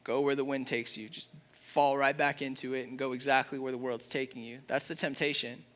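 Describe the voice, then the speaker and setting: A young man preaching a sermon in an earnest, conversational way, with a father's warmth. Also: mid-range voice, level tone, fairly quick. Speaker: pastor.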